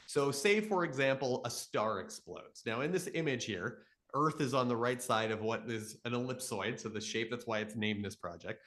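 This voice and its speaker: A man in his thirties from Canada, explaining astronomy with enthusiasm in a live question-and-answer session and telling stories with lively voices. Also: mid-range voice, normal speed, few pauses. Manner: enthusiastic storytelling, animated voices in quotes. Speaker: astronomy educator.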